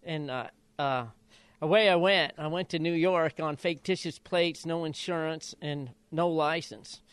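An older man from Idaho, a retired jockey, telling stories in an interview and acting out quotes in high voices. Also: measured pace, clean tone, no room sound. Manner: animated storyteller, acts out quotes in high voices. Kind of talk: storytelling interview.

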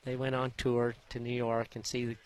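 A man, a former jockey, telling stories from his riding career in a folksy, animated way in an interview, acting out the voices of the people in them. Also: medium pitch, brisk. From Idaho. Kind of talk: interview storytelling.

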